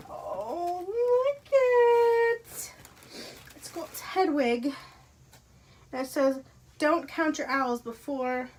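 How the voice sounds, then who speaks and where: A fairly high-pitched woman chatting casually as she unboxes items at home. She gushes with excitement and keeps slipping into soft, breathy whispers. A faint hiss sits under the recording. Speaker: unboxing vlogger. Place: carpeted room at home.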